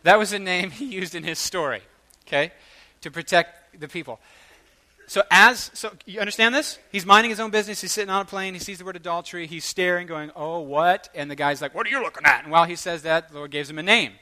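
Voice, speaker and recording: Male preacher, animated storyteller, slightly high and bright, acts out quotes. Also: fast. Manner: animated, acts out quoted voices, rising to loud bursts. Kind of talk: sermon storytelling.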